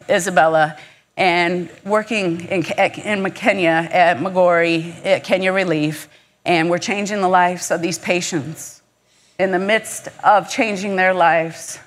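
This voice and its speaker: A woman from Michigan giving a heartfelt, encouraging inspirational faith talk at a conference, speaking conversationally. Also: on the low side. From Michigan, USA.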